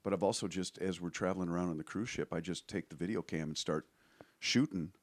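A man's voice: deep voice, fast talker, no room sound. A man in his forties, a comedian guest chatting casually, joking and laughing often as he rambles. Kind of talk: casual comedy podcast chat.

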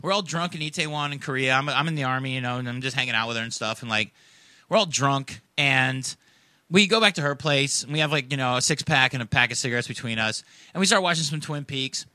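A man's voice: mid-range voice, fast, pushed and bright, no room sound. A man telling a casual, rambling story, swearing freely and packing his speech with fillers. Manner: profane, rambling, heavy on fillers.

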